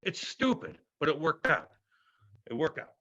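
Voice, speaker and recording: A man in his thirties, a former hockey player, telling stories loudly and profanely in a casual interview. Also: a little high, normal speed, dry recording, dull audio. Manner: loud, profane, animated storytelling.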